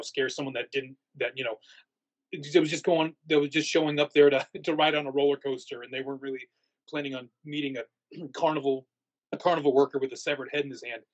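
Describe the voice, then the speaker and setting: A man's voice: fairly high pitch, low-quality recording. A man answering interview questions in a casual, rambling way, full of fillers and restarts. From United States. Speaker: haunt actor guest.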